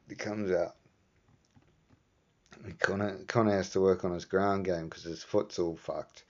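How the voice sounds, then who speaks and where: A man's voice: deep voice, flat delivery, a little slow, warm tone. A man with a New Zealand accent hosting a vlog, rambling in a laid-back, casual way and swearing offhandedly. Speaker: vlog host. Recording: dull lo-fi sound.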